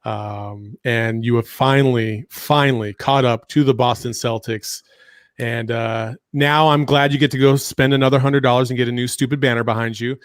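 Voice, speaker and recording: A man's voice: medium pitch, steady tone, moderate pace, no room sound, studio quality. Laid-back man hosting a podcast. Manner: teasing, laid-back, frequent fillers. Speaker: podcast host. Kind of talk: casual sports chat.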